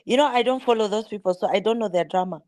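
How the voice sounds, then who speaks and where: A woman guest in a casual group chat who asks curious questions and speaks calmly when reflecting. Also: mid-range voice, fast. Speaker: guest, online group moderator.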